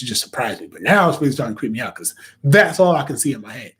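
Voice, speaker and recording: A young man hosting a casual spoiler review of a TV episode, excitable and animated, often acting out reactions. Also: mid-range voice, fast talker. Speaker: reviewer and host.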